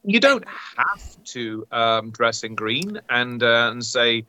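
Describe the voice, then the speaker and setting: Animated English man, sharp bright voice, playful, dry sound. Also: slow, dry recording. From England. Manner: animated, playful, teasing, pitch leaping up. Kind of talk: casual chat.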